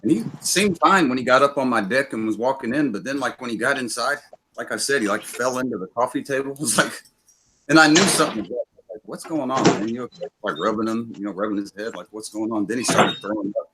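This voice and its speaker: A man's voice: medium pitch, fast, noisy background. A man hosting a livestream, telling rambling, profane stories in casual chat. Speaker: livestream host.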